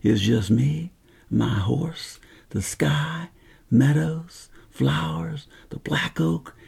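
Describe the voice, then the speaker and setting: A man playing a lone, homesick cavalry sergeant on patrol, speaking in a slow, folksy, plainspoken way. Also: on the high side, darkish tone, heavily acted. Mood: peaceful. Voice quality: gravelly, husky voice. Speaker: historical character monologue. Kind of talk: first-person historical monologue.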